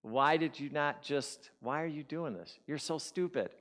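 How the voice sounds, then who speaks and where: A man voicing his own nagging male inner critic, scolding himself with rapid-fire questions. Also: fairly high pitch, a bit bright, close to an everyday voice.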